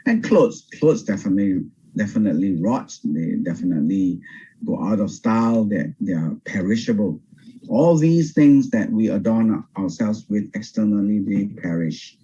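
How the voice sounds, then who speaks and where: Older pastor, dull video-call sound. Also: male voice, on the low side, breathy edge. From Singapore. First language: Teochew. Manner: animated, pauses and restarts often. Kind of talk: Bible study teaching. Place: home over video call.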